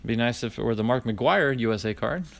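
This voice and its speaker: Expressive and creaky, his medium-pitched voice moves fairly quickly on a dry recording. This card-opening vlogger reads out each name in a chatty running list and talks to his live viewers by name.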